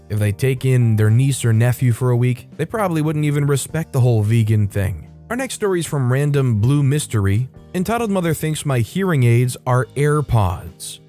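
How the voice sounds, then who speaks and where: A man's voice: mid-range voice, expressive, brisk, hardly any pauses, dark tone, faint music behind. Man reading storytime posts aloud. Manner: conversational, reads stories aloud and adds his own opinions. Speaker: narrator reading online stories. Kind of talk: storytime narration with commentary.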